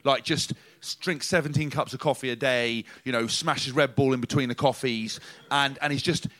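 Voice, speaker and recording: A man's voice: mid-range voice, normal speed. A man from England in casual chat, telling stories animatedly and acting out quotes. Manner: animated storyteller, acts out quotes loudly.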